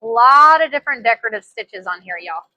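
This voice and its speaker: A woman giving a casual sewing machine demonstration, chatty and excitable, repeating her phrases as she works. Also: fairly high pitch, fairly quick, no room sound. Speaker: sewing instructor.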